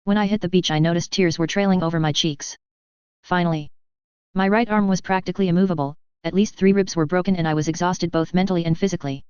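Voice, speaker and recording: Fast fanfic reader, very clear crisp voice, dull lo-fi sound. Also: medium pitch, fairly even intonation, a little mellow, no echo. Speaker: audiobook reader. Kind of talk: reading fan fiction aloud. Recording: dull lo-fi recording.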